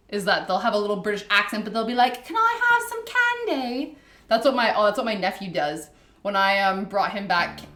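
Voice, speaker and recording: A woman's voice: mid-range voice, a bit bright. A young woman chatting casually and giggling as she bakes in her home kitchen, rambling through asides. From Canada. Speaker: baking vlogger. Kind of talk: casual chat while baking. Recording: echoey room with background music. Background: background music.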